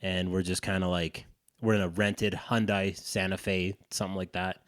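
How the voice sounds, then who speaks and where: A man co-hosting a podcast, telling an animated, profane story in casual chat. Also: deep voice, normal speed, dry recording, studio quality. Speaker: podcast co-host.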